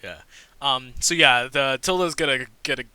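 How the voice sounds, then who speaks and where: A man's voice: medium pitch, moderate pace, sharp tone, smooth. A man narrating as game master in a tabletop game, rambling, with lots of filler words and swearing.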